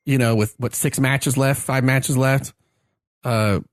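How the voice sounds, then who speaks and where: A man talks sports in loose, rambling podcast banter, often restarting his sentences. His voice sits in an ordinary middle pitch. The sound is dry and close, with no room echo. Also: slow pace. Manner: rambling, animated sports opinions with many restarts. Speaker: podcast co-host. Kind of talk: casual chat.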